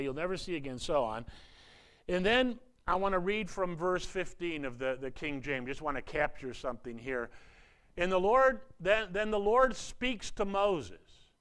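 A man's voice: on the high side, expressive, normal speed, fairly bright tone, smooth. A man preaching a sermon as a pastor, in a conversational way, often repeating and restarting words and briefly acting out quoted voices.

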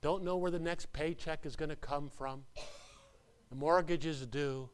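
Man preaching, playful, animated, slightly high voice, slow unhurried pace. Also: smooth. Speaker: pastor. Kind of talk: sermon.

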